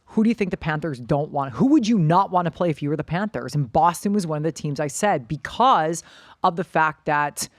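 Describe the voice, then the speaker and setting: A woman's voice: deep voice, dry recording. Female sports podcast co-host, blunt and opinionated, dry studio sound.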